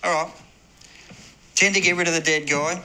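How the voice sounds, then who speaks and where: A man's voice: fairly high pitch, fairly even intonation, normal speed, sharp tone, clean tone, faint music behind, low-quality recording. An actor with an Australian accent playing a blunt, laconic hitman quoting his price. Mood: curt. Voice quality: curt, dry. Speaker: hired killer. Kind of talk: TV drama dialogue.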